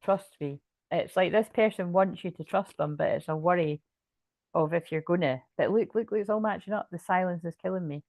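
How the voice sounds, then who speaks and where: A woman's voice: on the low side, fairly quick, darkish tone, dry recording. A woman giving a casual tarot card reading, chatty and rambling, with restarts and swearing. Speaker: tarot reader.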